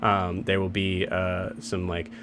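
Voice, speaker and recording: A man's voice: low voice, monotone, slow, background noise. A man hosting a game stream, casually announcing campaigns and rambling with many filler words and restarts. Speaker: game master and show host.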